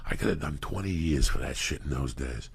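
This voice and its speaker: The storyteller guest is a middle-aged man from New Jersey whose gravelly voice has an extremely low pitch. He talks fairly quickly, telling profane stories casually and acting out the quotes in an animated way.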